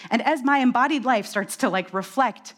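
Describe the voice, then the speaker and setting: A woman delivers a conversational sermon. She talks fast and animatedly and drops in quick self-deprecating asides. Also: fairly high pitch, fairly bright tone. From New York. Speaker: preacher.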